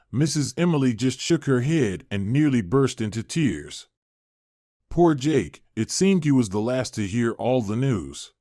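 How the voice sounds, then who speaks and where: Guy narrating a story, mid pitch, steady read, really dry close sound. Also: no room sound. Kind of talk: scripted narration.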